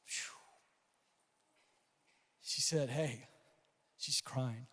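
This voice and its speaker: A high-pitched man telling stories from a conference stage, throwing himself into the voices and shouts of the people he describes. His voice carries a long reverb from the large hall around him. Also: moderate pace. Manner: animated storyteller acting out voices and shouts. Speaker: conference speaker. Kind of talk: storytelling keynote talk.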